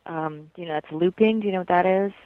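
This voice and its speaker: A woman's voice: lowish voice, quick pace, no echo. A middle-aged woman from Colorado, a voice actress talking casually in an interview, thinking aloud and restarting her phrases. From Colorado, USA. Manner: thoughtful, trails off and restarts. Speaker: voice actress guest. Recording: dull lo-fi sound.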